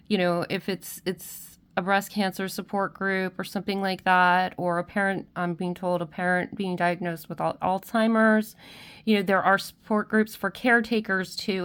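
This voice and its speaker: A woman reads tarot cards for her viewers in a soft, comforting, halting way. She keeps breaking off and restarting, and she often checks in with a quiet "okay?". She is close to tears, and her voice sits in an ordinary middle pitch. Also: fairly even intonation, smooth. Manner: gentle, emotional, many restarts and "okay?" check-ins. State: tearful, crying at times. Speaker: tarot reader. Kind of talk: spiritual pick-a-card reading, speaking to viewers.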